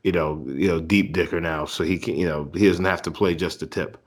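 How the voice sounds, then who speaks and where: A man in casual conversation, talking in a rambling, halting, profane way. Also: low-pitched, steady tone, slightly rough. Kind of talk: casual chat.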